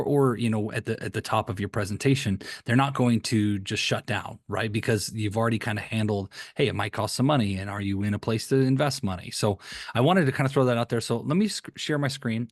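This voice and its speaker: A man's voice: lowish voice, no room sound. Casual, dry-voiced male sales coach. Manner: casual, repeats words, acts out sample sales lines. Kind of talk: conversational teaching with screen share.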